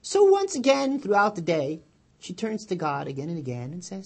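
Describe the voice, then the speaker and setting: A man, a rabbi, giving a weekly Torah sermon, telling a story with lively quoted voices and then dropping low and quiet to draw the lesson. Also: a little fast, breathy edge. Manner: animated storyteller, loud and high when quoting.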